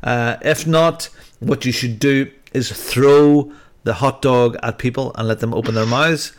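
A man's voice: medium pitch, steady tone, unhurried. A man hosting a podcast in a casual, jokey way, rambling with plenty of fillers. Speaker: podcast host.

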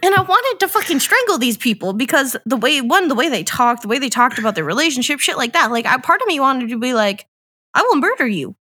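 A woman's voice: high voice, animated, quick pace, few pauses, sharp tone. A young woman co-hosting a podcast, telling blunt, profane stories in casual chat. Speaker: podcast co-host.

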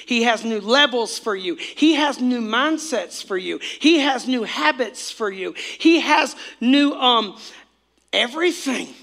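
High, bright-voiced man preaching a sermon. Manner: exclamatory, repetitive, calls for congregation responses. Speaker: pastor.

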